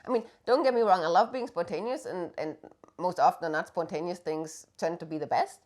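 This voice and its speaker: A woman from Germany, co-hosting a casual chat in a playfully argumentative, animated way. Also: on the low side, a little fast. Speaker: co-host.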